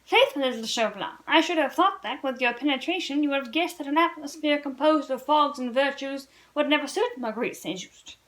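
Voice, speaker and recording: Storybook read-along: a woman voicing a witty young French noblewoman, high and bright-toned, gaily teasing. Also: a little fast, hardly any pauses, poor audio. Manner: merry, teasing, gaily bantering. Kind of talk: read-aloud storybook dialogue.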